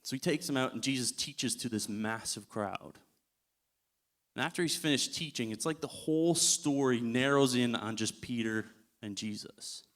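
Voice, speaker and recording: A male guest preacher tells the story in a relaxed, conversational way and chuckles often as he goes. His voice sits at an everyday middle pitch, recorded in a church. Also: normal speed. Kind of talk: sermon.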